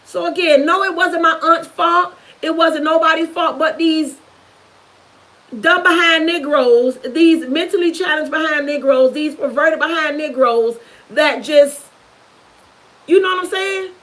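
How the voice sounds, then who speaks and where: Speaking a little slowly in a high, somewhat bright voice, a young woman vlogger addresses the camera about a painful experience from her past. Her storytelling is earnest and intense, returning again and again to the same words for emphasis. The audio is of low quality.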